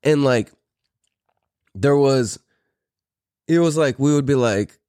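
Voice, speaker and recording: A man's voice: mid-range voice, slow pace, mellow, smooth, no room sound, studio quality. A man in his thirties from California, a podcast host telling a story in a loose, profane, rambling way with frequent laughs. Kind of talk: casual storytelling.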